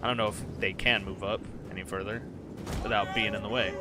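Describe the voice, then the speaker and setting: Excited guy streaming a war game. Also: lowish voice, fairly quick, very noisy. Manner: excited, swears, lots of fillers. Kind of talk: casual gameplay commentary. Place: home room.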